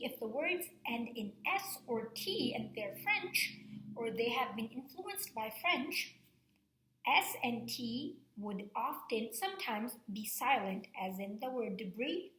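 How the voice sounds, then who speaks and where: A woman's voice: on the high side, animated, fairly bright tone. A woman teacher giving a recorded reading lesson to fourth graders, explaining step by step and checking in with "okay?". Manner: slow, patient, explaining step by step with frequent "okay?". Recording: echoey room sound.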